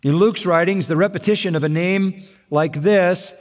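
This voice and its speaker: A man preaching a sermon as pastor, emphatic, slowing down to stress key points. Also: high voice. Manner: emphatic preaching, slows down for weight. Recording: long hall reverb.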